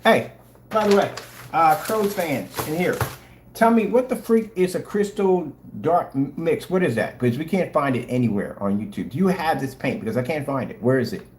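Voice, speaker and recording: A man's voice: a little high, expressive, normal speed, darkish tone. Taunting man ranting on a livestream. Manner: taunting, sarcastic, challenges viewers. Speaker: livestream host selling projector screen paint. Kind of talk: livestream rant to chat. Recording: roomy room echo, faint hum.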